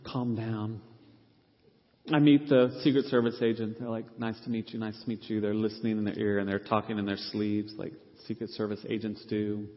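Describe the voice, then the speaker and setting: A middle-aged man, a pastor, telling an animated, self-deprecating story from the pulpit and acting out the people he quotes. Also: mid-range voice. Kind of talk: storytelling sermon. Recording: reverberant hall, dull lo-fi sound.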